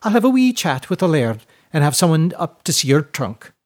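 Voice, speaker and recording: A plump, cheerful old widow, as a male storyteller puts her on, gushing with rolled R's and a lively, swooping voice. She pitches high and speaks loud and eager. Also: moderate pace. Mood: effusive.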